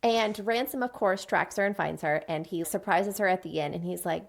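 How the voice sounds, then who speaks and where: A woman's voice: fairly low pitch, expressive, a little fast, creaky, hardly any pauses. A woman co-hosting a book podcast, chatting casually and giggly, gushing about scenes and reading passages aloud. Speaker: podcast co-host.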